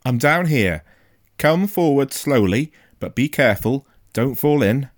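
A man doing a calm, injured father. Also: fairly low pitch, normal speed, no echo, studio quality, natural voice. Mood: reassuring. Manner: calm, reassuring, urgent. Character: injured, gentle, steady father.

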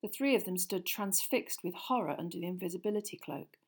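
A woman reading an audiobook chapter in a hushed, suspenseful storytelling manner. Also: lowish voice, a little fast, husky. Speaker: audiobook narrator. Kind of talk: scripted narration.

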